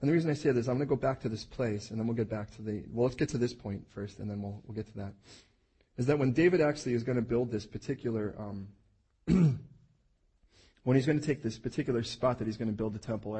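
A husky-voiced man delivers a sermon, retelling scripture in lively, conversational storytelling. He slips into playful acted-out voices for the figures in the story. His pitch sits in an ordinary middle range. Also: fast. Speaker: preacher.

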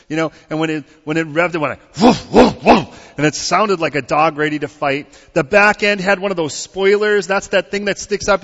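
High-voiced preacher in a reverberant hall. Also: male voice, a bit bright. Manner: conversational storyteller, builds to emphatic preaching; checks in with listeners through questions. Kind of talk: storytelling sermon. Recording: dull audio with long hall reverb.

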